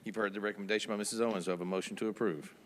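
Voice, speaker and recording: Brisk man chairing a town meeting. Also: lowish voice, fairly even intonation, long reverb tail, slight background noise. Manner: brisk, rattles through motions like an auctioneer. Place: town board meeting room.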